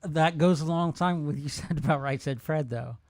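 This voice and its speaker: An easygoing man co-hosts a podcast, dropping in short remarks in a slightly high voice. His audio is dry and close. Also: fairly quick, dry recording. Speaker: podcast co-host. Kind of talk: casual chat.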